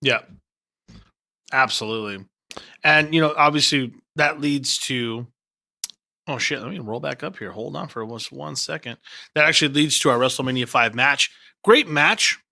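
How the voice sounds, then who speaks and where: A man co-hosting a podcast, giving his take in loose, conversational chat and thinking aloud as he talks. His voice is bright and clear. The recording is dry, with little room sound. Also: medium pitch, normal speed, no room sound. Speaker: podcast co-host. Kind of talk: casual chat.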